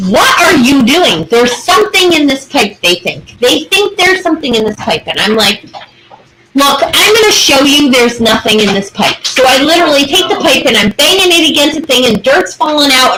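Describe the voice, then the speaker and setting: A woman in her forties co-hosting a casual chat show, telling stories in an animated way, swearing and acting out voices. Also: high voice, normal speed. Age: 40s. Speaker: podcast co-host. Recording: noisy room.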